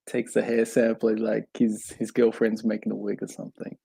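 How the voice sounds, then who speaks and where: A man's voice: lowish voice, completely flat delivery, moderate pace, gravelly, warm tone, slightly rough, no echo. A man co-hosting a podcast, adding brief, chuckling remarks in a casual film chat. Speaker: podcast co-host.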